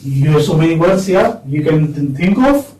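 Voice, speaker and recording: A man's voice: a little high, expressive, moderate pace, a little mellow. A man with an Indian English accent lecturing a class of students, repeating words and prompting them with questioning hums. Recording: echoey classroom, distant mic.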